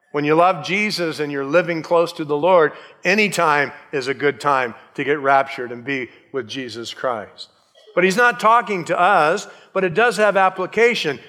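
A man's voice: a little high, expressive, normal speed, sharp tone, long reverb tail. A male pastor preaching a sermon in a conversational way, with joking asides and acted-out quotes.

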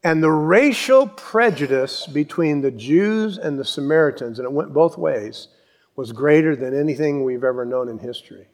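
A man preaching a sermon, telling Bible stories with animated acted-out voices. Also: on the high side, normal speed. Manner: animated storytelling, acts out voices and yells. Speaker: pastor.

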